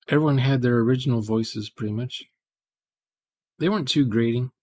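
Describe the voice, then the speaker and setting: A man's voice: mid-range voice, normal speed, pauses often, darkish tone. A man, casually chatting with viewers during a live programming stream, rambling and thinking aloud.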